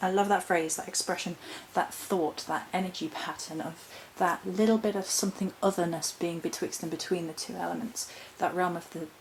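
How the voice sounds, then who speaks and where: Low-voiced woman musing on spirituality. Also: steady tone, normal speed, hardly any pauses, slight background noise, poor audio. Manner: thoughtful, meandering, with self-interruptions and laughs. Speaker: witch vlogger. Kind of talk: reflective spiritual vlog.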